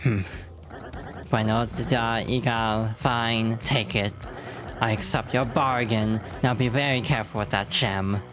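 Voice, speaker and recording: A woman voicing a boastful ancient male skeleton pirate captain, with drawn-out theatrical threats over game music. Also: rumbling low, fairly even intonation. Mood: scornful.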